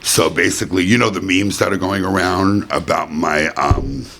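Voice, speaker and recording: A man's voice: low voice, normal speed, sharp tone, a little hiss or hum. A middle-aged man hosting a casual home podcast, rambling and chatty, full of "basically" and "you know". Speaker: podcast host. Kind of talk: casual chat. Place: white-furnished room at home.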